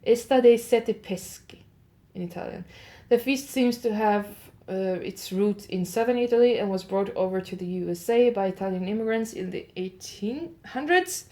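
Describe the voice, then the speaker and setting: A woman hosting an audio advent calendar show. She reads holiday facts in one improvised take, pauses with "uh" to fix her pronunciation, and adds chatty asides to her listeners. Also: medium pitch, darkish tone. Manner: reads steadily, stops often with "uh" to correct her pronunciation.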